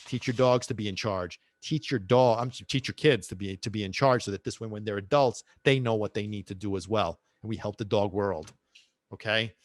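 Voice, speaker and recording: A man's voice: lowish voice, normal speed, no room sound. A man hosting a podcast, talking about his work with passion, repeating himself and preaching a little, and dropping in Italian phrases. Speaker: podcast host and dog trainer. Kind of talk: casual podcast monologue.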